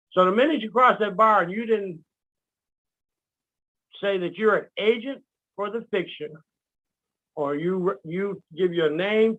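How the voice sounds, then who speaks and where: A man teaching in casual talk, animated, acting out quotes and laughing at his own jokes. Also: high voice. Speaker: guest speaker. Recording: dull lo-fi sound.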